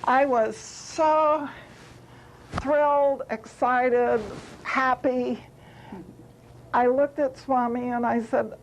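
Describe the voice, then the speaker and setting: A woman's voice: high voice, steady tone, extremely slow, pauses often, slight background noise, poor audio. A woman telling a personal story at a spiritual retreat, heartfelt and repeating words for emphasis. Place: retreat gathering.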